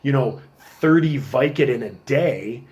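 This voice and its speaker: Animated storytelling man, podcast co-host. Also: medium pitch, a little slow. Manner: animated storyteller, acts out quotes in a raised voice. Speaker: police officer and podcast co-host. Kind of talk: casual podcast chat.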